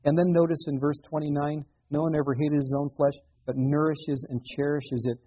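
Middle-aged male pastor, mellow and slightly husky, conversational sermon delivery. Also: on the high side, flat delivery, a little fast, rough recording. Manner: conversational preaching with rhetorical questions.

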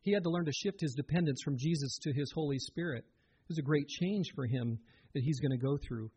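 Husky-voiced man preaching earnestly. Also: on the high side, fairly quick, warm tone. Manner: earnest, conversational preaching with direct questions to listeners. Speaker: pastor. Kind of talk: sermon.

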